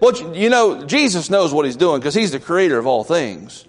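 A man's voice: fairly high pitch, expressive, normal speed. A male pastor preaching a sermon in a church, emphatic and questioning the congregation. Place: church sanctuary. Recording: long reverb of a large church.

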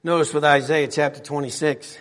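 A middle-aged man preaching a sermon in a church, repeating his phrases and swinging from soft asides to shouts. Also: a little high, steady tone, fairly quick. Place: church sanctuary. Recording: long hall reverb.

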